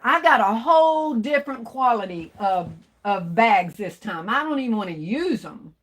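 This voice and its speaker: A woman running a craft livestream addresses her viewers in a chatty, drawn-out style. Her voice leans high, with lively intonation.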